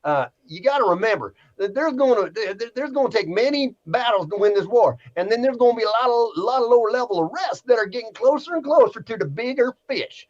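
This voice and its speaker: A man's voice: very high voice, expressive, quick pace, hardly any pauses, muffled recording, pitched above the performer's own voice. A man reading out a viewer comment in a put-on Southern accent, voicing a preachy woman who lectures and scolds. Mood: lecturing. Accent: American Southern.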